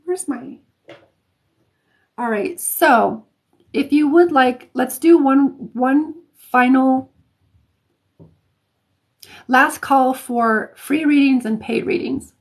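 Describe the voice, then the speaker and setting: Lady doing readings on a live stream, kinda high voice, chatty, lots of ums and restarts. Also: extremely slow, gravelly, long pauses. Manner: chatty, warm to viewers, many fillers and restarts. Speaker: intuitive reader hosting a live stream. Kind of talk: casual live-stream chat.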